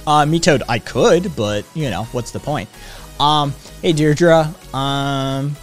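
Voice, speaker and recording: A man's voice: fairly high pitch, slow pace, soft background music. A man streaming live from home, chatting with viewers in a profane, ranting way. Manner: profane, ranting, talks to chat. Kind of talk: casual live-stream chat.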